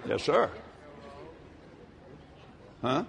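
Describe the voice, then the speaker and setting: A man preaching a sermon in a folksy, animated way, breaking into shouts and laughter. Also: very slow, a crowd in the background, noisy background. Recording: long hall reverb.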